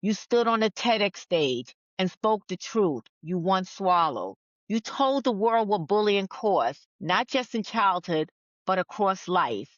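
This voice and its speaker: A woman with a medium-pitched voice, a speaker and author appearing as a podcast guest, reads a letter to her younger self in an earnest, affirming way. Afterward she switches to chatting candidly. The audio is dull and lo-fi, with no echo.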